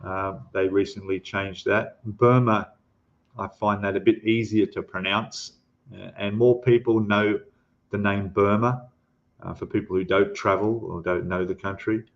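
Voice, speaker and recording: A man's voice: lowish voice, fairly even intonation, measured pace, highs cut off. Australian man chatting on a livestream. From Queensland, Australia. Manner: rambling, greets chatters warmly with "mate". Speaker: livestream host. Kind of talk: casual livestream chat. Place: home in Thailand.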